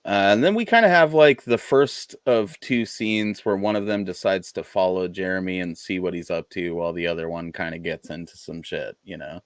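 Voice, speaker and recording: A man's voice: deep voice, normal speed, hardly any pauses, no room sound. A man co-hosting a podcast in casual chat, laid-back and rambling, swearing freely. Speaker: podcast co-host.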